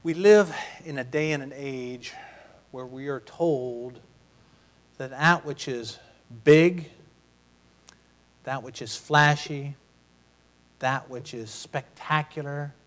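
A man preaching a sermon in a folksy, conversational way, swinging from loud, shouted passages down to a near whisper. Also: medium pitch, very slow, pauses often.

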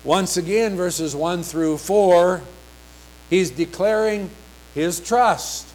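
Guy preaching a sermon real slow, higher voice, leans hard on the verses. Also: a little mellow, low-quality recording. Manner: slow, emphatic reading of scripture with rising, pleading passages.

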